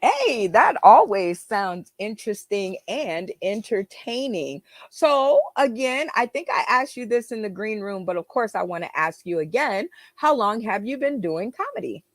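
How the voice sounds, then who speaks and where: A woman's voice: medium pitch, very animated, unhurried, few pauses, dry recording. A woman hosting an interview show over a video call, asking guests questions in a friendly manner. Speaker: show host. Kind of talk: casual interview talk.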